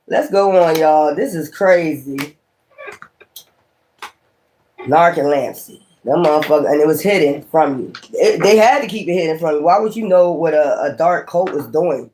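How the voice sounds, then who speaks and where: Man, tarot reader, high-pitched, swears freely, exclaims and rambles. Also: normal speed, darkish tone. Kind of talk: casual tarot reading.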